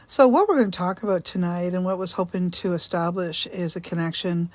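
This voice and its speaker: A woman's voice: fairly low pitch, fairly quick, hardly any pauses, darkish tone. An older woman hosting a casual live stream outdoors, chatting to viewers, greeting them by name and repeating her questions. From Canada. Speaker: livestream host. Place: outdoors on a sunny day. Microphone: phone.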